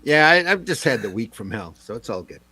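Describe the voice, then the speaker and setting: A man's voice: mid-range voice, sing-song, brisk, pushed and bright. A man on a casual podcast panel, telling stories in a wry, matter-of-fact way with a slight lisp. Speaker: panelist, comic book artist.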